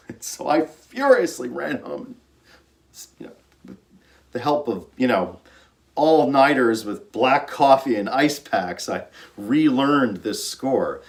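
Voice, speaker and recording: A man's voice: medium pitch, animated, a little slow, gravelly. A man, an orchestra conductor, giving an earnest informal talk about music, storytelling with fillers and restarts.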